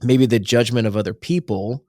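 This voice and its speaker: A man's voice: medium pitch, fairly even intonation, moderate pace, mellow. A man co-hosting a faith podcast, mid-range voice, speaking earnestly and at length, often restarting his sentences. The sound is dry and close, with almost no room echo. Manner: earnest, rambling, self-correcting. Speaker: podcast co-host. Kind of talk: casual faith podcast chat.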